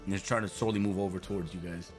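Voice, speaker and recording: A man narrating a tabletop game as game master, an animated storyteller full of fillers who laughs easily. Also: deep voice, racing, soft background music.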